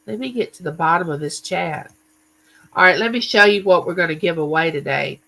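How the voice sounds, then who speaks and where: A man's voice: fairly high pitch, a little fast, creaky, bright, forceful tone, low-quality recording. A man hosting a casual live chat stream, telling stories and greeting viewers by name. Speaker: livestream host.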